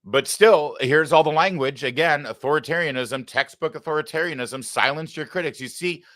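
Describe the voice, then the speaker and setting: A man's voice: on the high side, moderate pace, fairly bright tone, dry recording. A man hosting a live political commentary show, talking in a sarcastic, heated and combative way into a close studio mic. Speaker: political talk show host.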